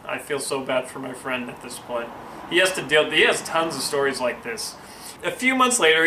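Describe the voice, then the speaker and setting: A man's voice: on the high side, pushed and bright. A young man hosting a comedy show, reading a friend's story with wry asides and rambling tangents. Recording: echoey room with faint noise.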